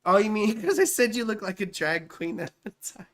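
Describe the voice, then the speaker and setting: A woman's voice: mid-range voice, very animated, brisk. A woman astrologer giving a casual live-stream reading, chatty and profane, who keeps answering her chat.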